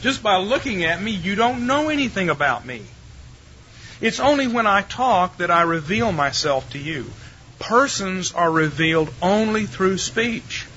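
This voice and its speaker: A man's voice: high-pitched, bright, forceful tone. Wry older man lecturing, lo-fi hiss. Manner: conversational, wry, speaks directly to listeners with rhetorical questions. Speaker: theology lecturer. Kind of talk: classroom lecture to a live audience.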